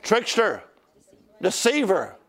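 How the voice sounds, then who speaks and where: A man's voice: high voice, huge pitch swings, takes it slowly, a bit bright. A male preacher delivering a sermon, calling out to the congregation for responses.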